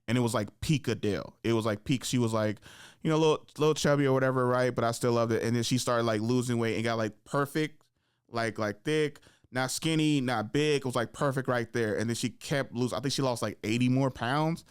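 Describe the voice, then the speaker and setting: A man hosting a casual podcast, talking in an animated, laughing way and working himself up into passionate rants. His voice sits at an ordinary middle pitch, and it's recorded dry and close, with no room sound. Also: a little fast, clear, resonant tone, no room sound. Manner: conversational storyteller. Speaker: podcast host.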